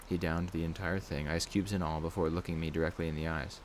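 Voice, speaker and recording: A man with a very low, deep voice narrates a horror story in the first person, reading at a steady, measured pace. A faint hiss sits under the recording.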